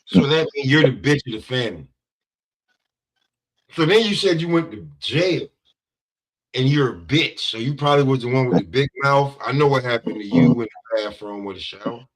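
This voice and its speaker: Brief: male co-host, rambling profane trash talk over a remote call, mid-pitched. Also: expressive, moderate pace, poor audio. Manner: profane, rambling, heavy on "bro". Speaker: podcast co-host. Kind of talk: casual trash-talk chat.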